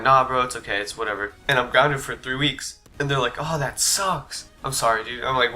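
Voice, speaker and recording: A man's voice: medium pitch, pushed and bright. A young man telling a personal story to his channel in a laid-back way, swearing and full of fillers. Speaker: vlogger. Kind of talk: casual storytime. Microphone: desk USB mic.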